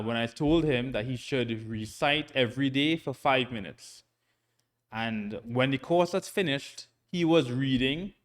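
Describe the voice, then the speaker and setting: A man teaching a recorded Quran reading lesson, patient and checking in often, sounding out syllables slowly and repeating them. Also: medium pitch. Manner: slow, patient, frequent "right?" check-ins.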